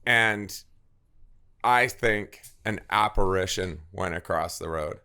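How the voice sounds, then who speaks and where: A man's voice: deep voice, takes it slowly, pushed and bright, clear, resonant tone. A man co-hosting a podcast, chatting in a laid-back way, laughing often and swearing casually. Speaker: podcast co-host. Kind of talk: casual chat.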